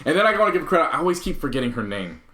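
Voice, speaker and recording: A man's voice: a little high, big pitch swings, racing, pushed and bright, echoey room. A man co-hosting a podcast, chatting casually in laid-back slang with lots of fillers. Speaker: podcast co-host. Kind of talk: casual chat.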